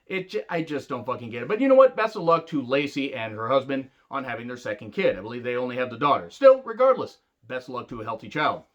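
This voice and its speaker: A man's voice: mid-range voice, big pitch swings, quick pace, hardly any pauses, muffled recording. A man ranting angrily and sarcastically in a wrestling review, swearing heavily. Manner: angry, sarcastic, heavy swearing. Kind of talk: profane rant review.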